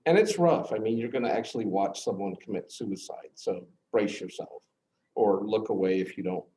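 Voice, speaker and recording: A middle-aged man teaching a class, earnestly telling a personal story, with his voice dropping low at the hard moments. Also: moderate pace, dark tone. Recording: echoey classroom, faint noise.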